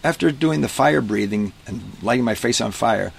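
A man being interviewed about his life as a street performer, telling stories in a relaxed, casual way and acting out the people in them. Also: mid-range voice, moderate pace, vocal fry, husky. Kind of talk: casual storytelling. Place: inside a parked vintage bus.

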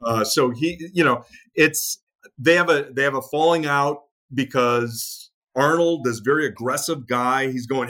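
Male author guest, mid-pitched, storytelling interview delivery with many "uh"s and self-corrections. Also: a little slow, fairly bright tone. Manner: many fillers and restarts, storytelling with acted quotes. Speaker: author and military historian guest. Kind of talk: conversational interview.

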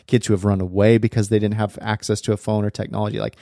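Mellow low-voiced man hosting a podcast. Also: flat delivery, fast, no room sound, clean studio sound. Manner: conversational, lots of fillers. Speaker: podcast host. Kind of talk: podcast interview.

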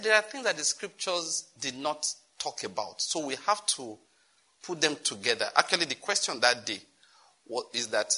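Delivering a teaching sermon in Nigerian-accented English, a middle-aged man tells lively stories, voicing the dialogue himself and laughing as he goes. His voice is medium in pitch with a breathy edge.

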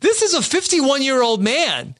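Chatty male podcast host, high tenor, lots of lift in his delivery. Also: very animated, normal speed, fairly bright tone, dry recording, clean studio sound. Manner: laughing, chatty recap with restarts. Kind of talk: casual chat.

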